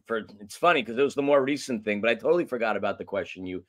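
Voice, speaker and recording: A man's voice: on the low side, expressive, racing. A man co-hosting a casual soccer fan podcast, opening with playful, theatrical introductions. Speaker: podcast co-host. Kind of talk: casual sports podcast chat.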